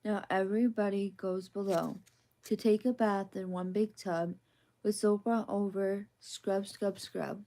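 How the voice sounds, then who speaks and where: Mellow-voiced woman reading bedtime stories. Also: mid-range voice, little pitch movement, measured pace. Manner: gentle, sing-song read-aloud rhythm. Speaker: storyteller reading bedtime picture books. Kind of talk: soft ASMR bedtime reading.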